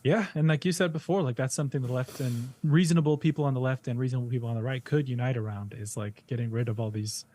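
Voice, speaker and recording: A man's voice: medium pitch, fairly even intonation, quick pace, hardly any pauses, warm tone. Guy co-hosting a live show, laid back, rambly, reads out viewer comments. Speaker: co-host reading viewer super chats. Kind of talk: casual live-stream chat.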